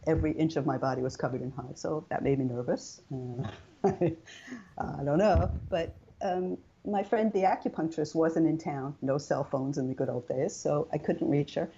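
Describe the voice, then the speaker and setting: Low-voiced woman telling her story. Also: normal speed, creaky, highs cut off, slight background noise. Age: older. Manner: chatty, animated storytelling with quoted dialogue. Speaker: interview guest. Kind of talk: personal story in an interview.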